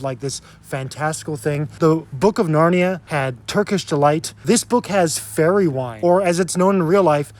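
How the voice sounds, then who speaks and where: A man giving a casual, joking book review, sarcastic and quick to laugh. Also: fairly high pitch, darkish tone.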